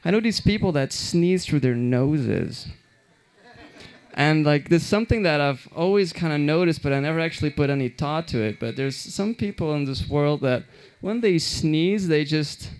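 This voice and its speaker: A man's voice: fairly high pitch, expressive, moderate pace, a little mellow. A young man from Belgium telling stand-up stories in a loose, rambling way with lots of fillers and restarts. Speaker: stand-up comedian. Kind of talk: stand-up comedy storytelling.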